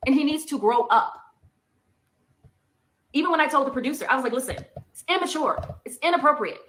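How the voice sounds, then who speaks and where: A woman speaks in a heated, emphatic monologue and hammers her points by saying them twice. Her voice sits a little high. It has a bright, forceful edge. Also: lively intonation, a little fast. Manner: emphatic, repeats points for effect.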